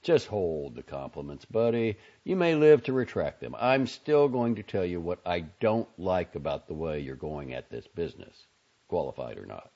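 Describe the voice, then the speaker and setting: Teasing outspoken young man in a gravelly low audiobook voice, read by a man, lo-fi. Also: very animated, moderate pace, warm tone, full character voice. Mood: earnest. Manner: wry, drawling, sardonic. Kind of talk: audiobook character voice. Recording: dull lo-fi audio.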